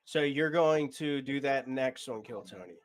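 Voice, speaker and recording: A man's voice: medium pitch, animated, moderate pace. A man hosting a podcast, asking a guest probing, direct questions in casual conversation. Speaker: podcast host. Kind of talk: interview questions.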